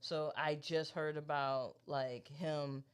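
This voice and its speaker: A man co-hosting a podcast, telling a story in a loose, profane, animated way and quoting the people in it. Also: a little high, slow, clear, resonant tone. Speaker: podcast co-host. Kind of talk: casual chat, storytelling.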